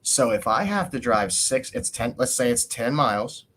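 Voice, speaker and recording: There's a little background noise as this man, a podcast host with a mid-range voice, narrates at a moderate pace. The story comes out as a casual rant, heavy on swearing, with quotes acted out in character.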